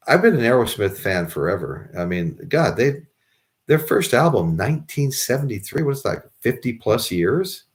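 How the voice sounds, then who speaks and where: A man's voice: sits low, lively intonation, moderate pace. An American man, middle-aged, chatting casually to his viewers in a rambling way with many restarts. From United States. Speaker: vlogger. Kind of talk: casual chat to camera.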